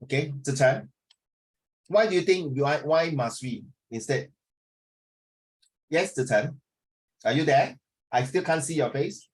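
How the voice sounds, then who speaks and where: A man's voice: a little high, unhurried, pauses often. A middle-aged man, teaching an online class in a chatty, teasing way over a video call. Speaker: English tutor.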